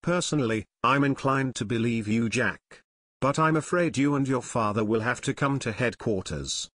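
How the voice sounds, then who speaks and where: A man's voice: mid-range voice, moderate pace, a bit bright, lightly acted. A man voicing a burly police chief who speaks fairly but firmly.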